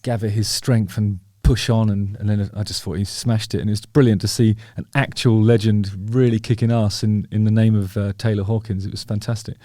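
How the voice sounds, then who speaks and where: A man hosts his own show in a lowish, warm voice with little pitch movement, talking briskly with few pauses. His casual talking-head commentary is chatty and wry, self-deprecating and full of fillers, with no room sound.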